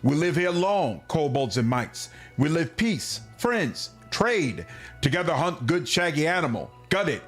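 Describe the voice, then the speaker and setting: Wistful mite queen in broken speech, as a man puts her on, fairly high voice. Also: sing-song, unhurried, soft background music.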